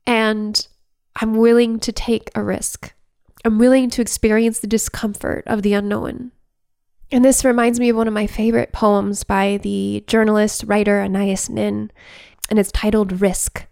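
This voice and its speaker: A woman's voice: medium pitch, little pitch movement, normal speed, gravelly, a little mellow, clear, resonant tone, no echo, studio quality. A woman giving a heartfelt, reflective talk to camera about recovery. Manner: heartfelt and searching.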